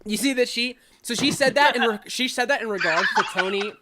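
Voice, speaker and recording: A woman's voice: fairly high pitch, a little fast, heavy background noise. A woman narrating as the game master of a tabletop game, casual and rambling with many fillers and restarts.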